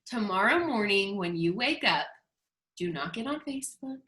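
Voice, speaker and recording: A woman's voice: medium pitch, expressive, moderate pace, bright, forceful tone. A woman in her thirties giving a chatty, emphatic motivational book talk to her team. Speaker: team leader. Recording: echoey room.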